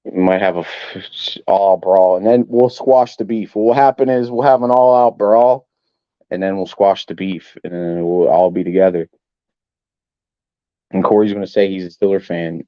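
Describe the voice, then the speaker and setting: A man's voice: low-pitched, normal speed, no room sound. A man hosting a casual sports-fan livestream, rambling and swearing as he answers chat, with frequent coughs. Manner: rambling, profane, coughs often. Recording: dull, dry home mic.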